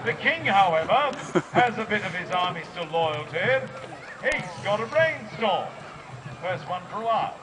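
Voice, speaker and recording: A man's voice: sits high, big pitch swings, moderate pace. An Australian man giving jokey live commentary at an outdoor festival, punning and rousing the crowd over a PA. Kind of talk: comic live event commentary. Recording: loud crowd and outdoor noise. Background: cheering crowd.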